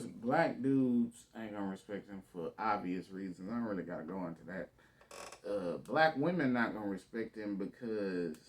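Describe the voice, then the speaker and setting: Blunt, profane male stream commentator. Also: fairly low pitch. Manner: blunt, profane and slangy, talks over the clip. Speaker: stream commentator reacting to a debate. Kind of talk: casual reaction commentary.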